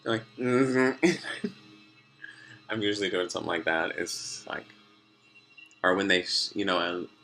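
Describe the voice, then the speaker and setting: Low-voiced man, rambling diary talk at home, crisp bright tone. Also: fairly even intonation, measured pace, long pauses, faint music behind. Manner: meandering, sidetracked, many fillers, laughs often. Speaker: vlogger. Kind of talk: rambling personal video diary. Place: room at home at night.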